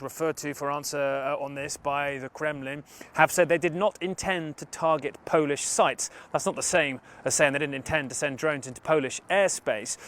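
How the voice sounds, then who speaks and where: A male news correspondent giving a measured, formal field report from a city street. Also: on the high side, fairly bright tone.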